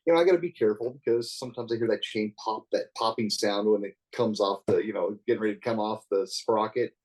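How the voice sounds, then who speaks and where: A man's voice: fairly low pitch, quick pace, a little mellow, low-quality recording. A man in his sixties telling stories in a casual, rambling way as a podcast guest, often chuckling and saying "you know". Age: 60s. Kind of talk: casual storytelling.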